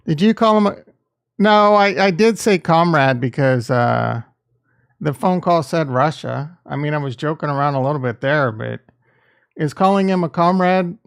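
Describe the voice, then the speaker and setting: This livestream host talks at a moderate pace in a slightly high voice roughened by gravelly fry. Replying straight to his chat in a casual setting, he turns defensive at times and jokey at others.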